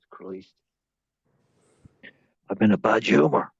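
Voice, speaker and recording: A man talking on a phone in a rambling casual chat, swearing a lot and swinging from loud outbursts to whispers. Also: fairly low pitch, expressive, moderate pace, dry recording, lo-fi sound.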